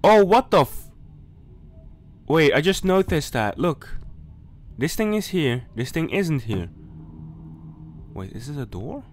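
A man's voice: fairly high pitch, sing-song, slow pace, pauses often. A man commentating a horror game playthrough, jumpy and nervous, talking himself through scares and speaking directly to viewers and game characters. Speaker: gaming YouTuber.

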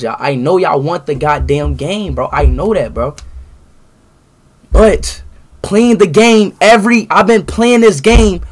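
High-pitched husky young man ranting at chat. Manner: angry profane ranting, bursts into shouting. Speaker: streamer. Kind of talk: ranting live stream to chat.

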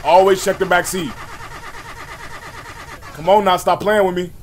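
A man hosting his gaming channel, giving jumpy, loud commentary on a horror game, swearing and yelling at every scare, his voice hoarse from screaming. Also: high-pitched, fairly even intonation, measured pace, slight background noise.

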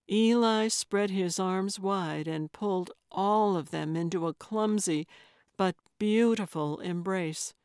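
Slow measured woman narrator. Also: mid-range voice, no echo, clean studio sound. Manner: measured and even storytelling. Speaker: audiobook narrator. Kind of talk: scripted narration.

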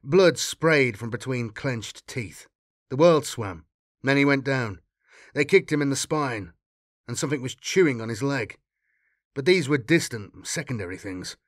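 A man narrates a dark science-fiction tale at a steady, measured pace, building drama as he goes. His voice sits in an ordinary middle pitch and the recording is dry and close, with no room sound. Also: no room sound. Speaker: audiobook reader. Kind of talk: fan reading of a sci-fi story.

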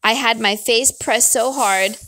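A woman's voice: fairly high pitch, unhurried, bright, forceful tone. A woman reading a novel aloud, telling the story expressively in first person. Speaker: narrator.

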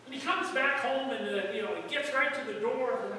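A male pastor preaches in a folksy, storytelling way, his high voice bright and ringing. He breaks into sudden loud outbursts. The sound carries a long hall echo and comes from well away from the mic. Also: fairly quick, a little hiss or hum. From United States. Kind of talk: sermon. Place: church sanctuary. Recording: echoey hall from far off.

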